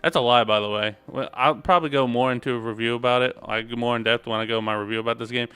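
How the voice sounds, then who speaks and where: Streamer pria santai yang bercanda. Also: male voice, mid-range voice, steady tone, fast, fairly bright tone, smooth. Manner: casual, joking, rambling. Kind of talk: game stream commentary.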